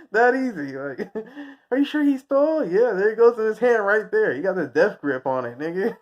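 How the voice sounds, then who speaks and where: Laughing, swearing man on a dull recording. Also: a little high. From United States. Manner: rambling, crude, laughs often at own jokes. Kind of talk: casual profane rant.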